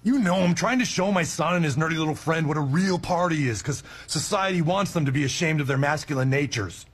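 A man's voice: a little high, brisk, a little hiss or hum, lightly acted. Man voicing an earnest cartoon dad. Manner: earnest, explaining. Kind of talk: cartoon voice acting.

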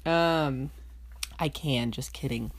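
A woman's voice: a bass voice, takes it slowly. A woman co-hosting a casual podcast from her bedroom, talking in a sing-songy, giggly, rambling way. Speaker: podcast co-host. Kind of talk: casual chat.

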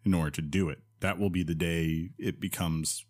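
A man with a very low voice co-hosting a podcast in casual chat. He rambles along, full of "um" and "like," restarting his sentences as he goes. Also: steady tone, moderate pace, a little mellow. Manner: rambling, with fillers and self-corrections. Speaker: podcast co-host.

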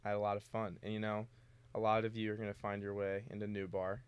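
A man's voice: on the low side, fast talker, smooth, lo-fi sound. A young man, a college student co-hosting a podcast, chatting casually and acting out little scenes in his stories while swearing freely. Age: young adult. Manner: animated storytelling, acting out dialogue, swears freely. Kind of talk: casual chat.

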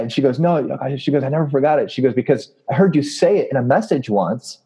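A man's voice: mid-range voice, animated, fairly quick, warm tone, husky, rough recording. A man telling a story in a casual interview, earnest and full of fillers. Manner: earnest, with many fillers and laughs. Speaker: anti-trafficking activist and preacher.

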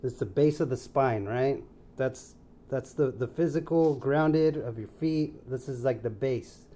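A man's voice: mid-range voice, measured pace, dark tone. A young man co-hosting a casual podcast, laid-back, swearing a lot and calling his friend dude. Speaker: podcast co-host.

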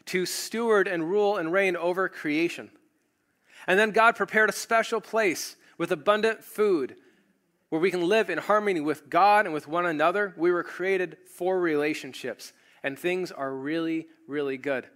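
A man's voice: high-pitched, moderate pace, a bit bright. A man preaching a sermon, retelling a story and acting out the quoted voices. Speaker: pastor.

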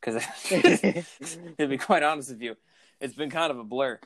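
A man's voice: medium pitch, a little slow, fairly bright tone. A man co-hosting a casual podcast chat, rambling, swearing and poking fun at himself. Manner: profane, rambling, self-mocking. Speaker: podcast co-host.

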